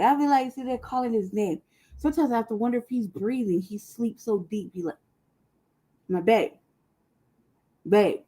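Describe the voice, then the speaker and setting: A woman's voice: fairly high pitch, dark tone. A woman from the American South co-hosting a podcast, telling stories in casual, profane chat and laughing often. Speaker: podcast co-host.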